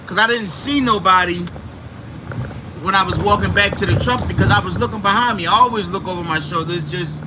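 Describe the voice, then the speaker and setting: A man on a livestream, talking from inside his vehicle while driving, telling a story in an animated, profane way with sound effects. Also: high voice, a little fast. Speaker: livestream host. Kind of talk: casual storytelling. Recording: car noise in background.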